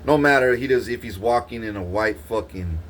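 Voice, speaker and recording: A man's voice: medium pitch, normal speed, fairly bright tone, a little hiss or hum. Rambling, profane man. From Corpus Christi, Texas. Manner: rambling, profane street talk with frequent restarts. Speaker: vlogger. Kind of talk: casual monologue recounting a dream.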